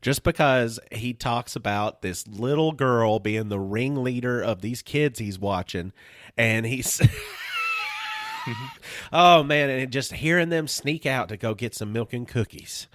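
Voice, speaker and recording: Recorded at studio quality with no room sound, this medium-pitched man co-hosts a podcast. He keeps the casual chat lively with animated storytelling and frequent laughter.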